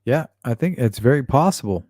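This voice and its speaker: A man's voice: medium pitch, animated, a little fast, darkish tone, no room sound, studio quality. A man hosting a true-crime livestream, chatting casually and reading out viewer comments, blunt and often profane. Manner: blunt and profane, with frequent fillers.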